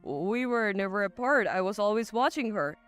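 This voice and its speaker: A woman's voice: medium pitch, animated, moderate pace, fairly bright tone, clear, resonant tone, soft background music, pitched below the performer's own voice, natural voice. A woman voicing a stammering, guilt-stricken retired father in a storybook drama. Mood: flustered. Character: remorseful retired father, older man.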